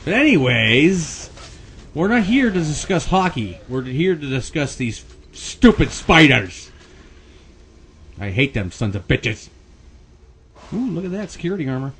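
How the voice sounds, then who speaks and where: A man's voice: a little high, sing-song, a little slow, pauses often, fairly bright tone, a little hiss or hum. A man from Pennsylvania commenting on his own gameplay, rambling and chatty with lots of fillers, chuckles and the odd curse. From Erie, Pennsylvania, US. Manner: rambling, chatty, frequent fillers and laughs, gets worked up and curses. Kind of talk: casual let's-play commentary.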